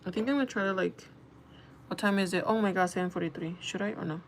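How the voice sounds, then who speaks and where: A woman's voice: mid-range voice, steady tone, fast, slight background noise. A young woman chatting casually on a makeup livestream, telling a rambling story full of fillers. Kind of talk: casual chat while doing makeup.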